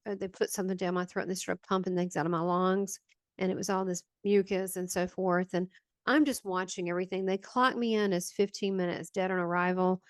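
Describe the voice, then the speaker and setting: A woman's voice: medium pitch, dry recording. A woman with a Southern American accent, a guest medium recounting a personal near-death story in a meandering, hesitant way with many fillers. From Southern United States.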